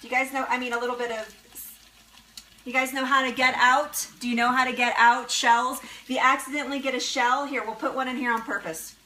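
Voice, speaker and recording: A woman's voice: high voice, level tone, a little fast, sharp tone, a little hiss or hum. A woman hosting a live cooking demonstration in her kitchen, chatty and bubbly, often laughing as she talks to her viewers. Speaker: cooking show host. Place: kitchen at the stove. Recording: sizzling frying pan in background.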